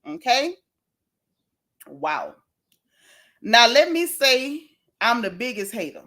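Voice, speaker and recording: Middle-aged woman, animated casual commentary, voice sitting a bit high. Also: takes it slowly, pauses often. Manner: animated, exclaiming, chatty. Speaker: gossip vlogger.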